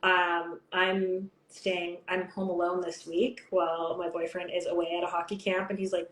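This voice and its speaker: A woman's voice: lowish voice, little pitch movement, normal speed, few pauses, a bit bright. Canadian woman host in a roomy echo. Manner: open, personal storytelling with frequent "like". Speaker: podcast host. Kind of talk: casual conversation. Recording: roomy echo, faint background noise.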